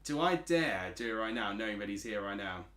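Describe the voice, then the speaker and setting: A chatty man with an Essex accent streams a football watchalong, his pitch bouncing up and down as he reads out chat messages. He sounds like he's in an echoey room. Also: animated, brisk, a bit bright. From Essex, England. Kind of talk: casual football watchalong commentary.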